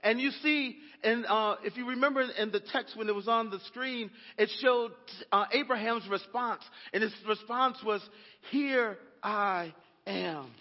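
A pastor preaches a sermon and calls out to his congregation for answers. His voice sits high for a man. The recording is dull and muffled, with a long church echo behind him. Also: steady tone, moderate pace, hardly any pauses. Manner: preaching with call-and-response asides to the congregation. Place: church sanctuary.

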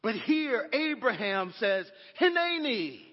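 A man's voice: high-pitched, normal speed. A man preaching a sermon as a pastor, calling out to his congregation. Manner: preaching with call-and-response asides to the congregation. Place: church sanctuary. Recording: dull, echoey church recording.

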